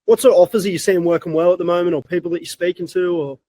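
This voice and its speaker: A man hosting a podcast, bantering quickly and casually with plenty of swearing. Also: high-pitched, fairly even intonation, mellow, dry recording.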